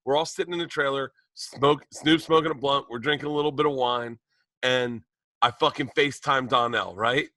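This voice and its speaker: A man in his forties, a podcast co-host excitedly rambling through a story in casual chat. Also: mid-range voice, normal speed, dry recording. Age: 40s.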